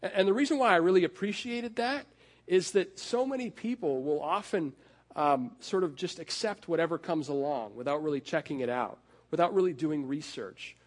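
A middle-aged man preaching a sermon in a conversational way, with fillers and restarts, and slowing down to lean on key phrases. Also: on the high side. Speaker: pastor.

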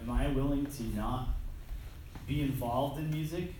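Conversational preacher in an echoey hall. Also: male voice, medium pitch, fairly even intonation, unhurried, dark tone. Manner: conversational, self-deprecating, with restarts. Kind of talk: sermon. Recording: echoey hall from far off, faint noise.

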